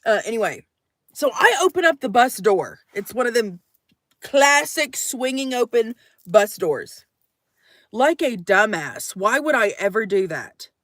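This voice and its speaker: A young woman telling a story to her camera from inside her minivan, jumping between loud acted quotes and hushed asides. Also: fairly high pitch, big pitch swings, normal speed, dry recording, studio quality. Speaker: vlogger.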